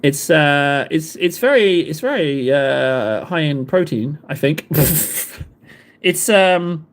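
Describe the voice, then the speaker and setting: A man's voice: on the high side, expressive, slow pace. Rambling man chatting. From England. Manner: rambling, self-deprecating, many fillers. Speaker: livestream host. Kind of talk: casual chat with live viewers.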